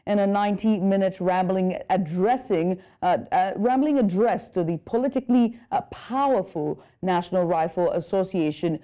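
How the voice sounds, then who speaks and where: A woman news anchor reading scripted world news, steady with small slips and fillers. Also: medium pitch, normal speed, hardly any pauses.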